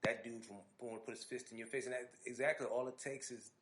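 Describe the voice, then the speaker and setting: A man's voice: mid-range voice, steady tone, quick pace, a bit bright, reverberant, slight background noise. A man co-hosting a podcast in casual chat, laid-back, often restarting his words. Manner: frequent backchannels, laid-back, repeats words when starting. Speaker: podcast co-host. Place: garage.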